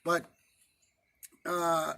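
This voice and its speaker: A male pastor telling a personal story in a sermon, conversational and halting, with many fillers and restarts. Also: on the high side, monotone, vocal fry, sharp tone.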